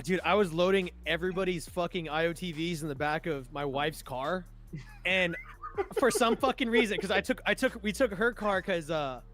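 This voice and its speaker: A young man with a high, forceful voice chats casually, swearing and laughing through his stories. He acts out the sergeants' shouts with bursts of energy. Faint music plays behind him. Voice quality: profane, laughs often mid-sentence. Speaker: streamer and army veteran. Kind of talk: casual chat, storytelling.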